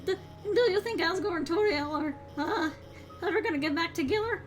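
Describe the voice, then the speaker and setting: A woman's voice: a little fast, faint music behind. A woman voicing a nervous female lizard scientist who stutters and fumbles her words. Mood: flustered. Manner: stuttering, flustered, squeaky. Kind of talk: voicing game dialogue on a livestream.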